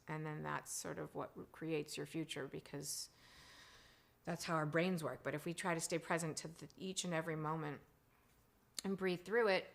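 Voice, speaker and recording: This forties-aged woman has a low, gravelly voice. Chatty and casual, she hosts a live stream, reading viewer comments aloud and shifting back and forth between lively and hushed speech.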